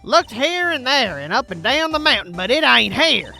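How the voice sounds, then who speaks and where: A woman voicing a loud, pushy young woman photographer who shouts accusations, with faint game music behind. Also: medium pitch, big pitch swings, normal speed. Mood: brash.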